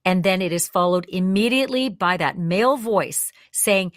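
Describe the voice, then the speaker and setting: A woman's voice: lowish voice, moderate pace, hardly any pauses, no echo, studio quality. A woman hosting a true crime show, talking through the evidence step by step in a conversational way. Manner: acts out quoted lines with more energy. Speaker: true crime channel host.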